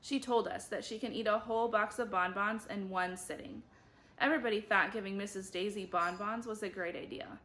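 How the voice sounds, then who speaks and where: A woman reading a children's chapter book aloud, lively, with big jumps in her voice as she voices the children and teachers. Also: mid-range voice, brisk. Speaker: book club reader.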